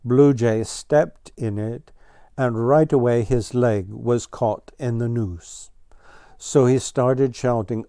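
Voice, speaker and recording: A man narrates a children's storybook in a gentle, even manner. He reads slowly in a dark, mellow voice. The recording is dry and close, with no room sound. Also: medium pitch, dry recording. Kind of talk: storybook read-aloud.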